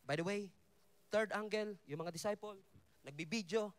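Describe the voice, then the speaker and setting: A man's voice: high-pitched, moderate pace, clean tone. A man with a Filipino accent preaching a sermon at a festival, shifting between English and Tagalog and acting out the disciples' voices. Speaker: pastor. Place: festival stage before a congregation.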